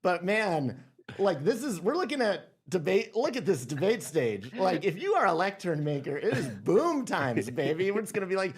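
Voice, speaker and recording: A man's voice: high voice, very animated, moderate pace, husky. Rambling sarcastic male podcast host. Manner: rambling, many fillers, sarcastic. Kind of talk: casual chat.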